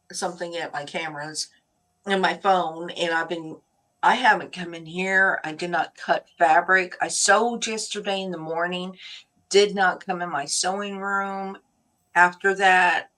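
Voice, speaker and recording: A woman with a bright, clear voice hosts a relaxed chat, taking her time with each thought. She rambles from topic to topic and laughs often. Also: on the low side, unhurried. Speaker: host. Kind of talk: casual livestream chat.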